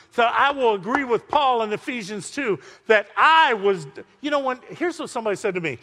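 Middle-aged guy preaching, bright edgy voice, drops soft then shouts, long hall reverb. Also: a little fast, hardly any pauses. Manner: swings from soft, intimate lows to loud, shouted climaxes. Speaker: pastor. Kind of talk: sermon.

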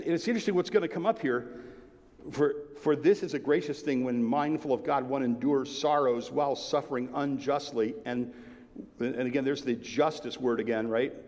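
A man preaching a sermon in a conversational, emphatic way, sometimes dropping to a hushed tone. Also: mid-range voice. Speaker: pastor. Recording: long hall reverb.

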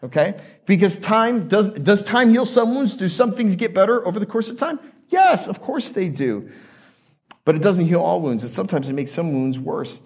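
A man's voice: high-pitched, lively intonation, normal speed, husky. A male pastor preaching a conversational sermon to a live congregation, joking and asking them questions.

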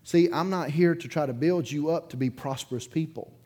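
A man preaching a sermon as pastor in his church, telling a story in a loose, conversational way, chuckling between sentences and swinging from loud bursts to quiet asides. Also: fairly high pitch, a little fast, slightly rough. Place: church sanctuary, in front of a congregation.

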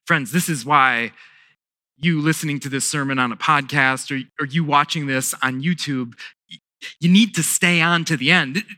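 A middle-aged male pastor preaching a sermon, emphatic and deliberate, repeating key words with pauses for weight. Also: on the high side, bright, forceful tone, no echo, clean studio sound.

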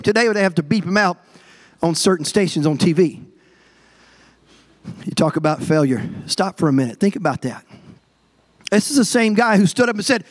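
A male pastor with a high-pitched, expressive voice preaches at normal speed to his congregation during a church service, leaving long pauses. His sermon is emphatic and repetitive, and he often addresses the people before him directly.

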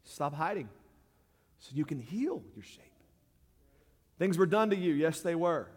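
A man preaching a sermon, swinging from loud shouts to quiet pleading. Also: a little high, animated, a little slow, slightly rough, long reverb tail. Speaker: pastor.

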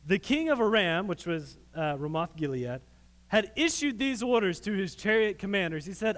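Folksy preacher guy, high lively voice, long church hall echo. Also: normal speed. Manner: animated storytelling, folksy. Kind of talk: sermon.

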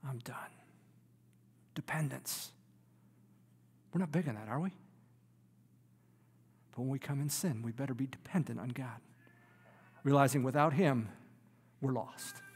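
A man preaching a sermon, swinging from loud emphatic lines to soft, near-whispered ones. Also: medium pitch, normal speed, pauses often, breathy edge. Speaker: pastor. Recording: long hall reverb.

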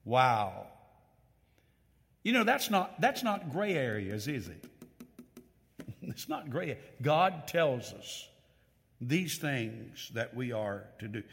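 Animated preacher in a reverberant church. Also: male voice, medium pitch, takes it slowly, vocal fry. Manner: animated, reads scripture aloud with emphatic stress; asks the congregation questions directly. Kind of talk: sermon. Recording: long hall reverb.

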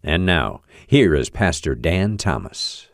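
A man's voice: deep voice, very animated, takes it slowly, dry recording, studio quality. A man reading a formal scripted introduction to a sermon as announcer.

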